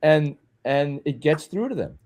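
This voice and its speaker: A man co-hosting a podcast, telling candid, animated stories from coaching youth hockey. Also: fairly high pitch, measured pace. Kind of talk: casual podcast conversation.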